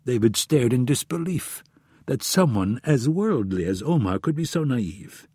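Husky-voiced male audiobook narrator. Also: medium pitch, animated, unhurried, dark tone, dry recording, studio quality. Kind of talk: scripted narration.

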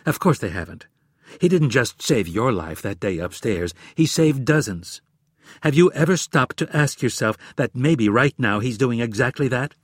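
A man's voice: medium pitch, expressive, normal speed, slightly rough, no room sound, studio quality. A man voicing a cool, commanding woman who runs an intelligence agency, in a clipped and controlled way, for an audiobook. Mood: stern.

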